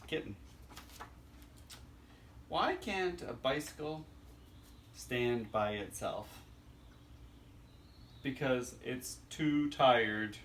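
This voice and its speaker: Male storyteller, slow and expressive, distant mic, light noise. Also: mid-range voice. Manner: animated, chuckling at his own jokes. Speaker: storyteller reading a children's joke book. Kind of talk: reading jokes aloud to children.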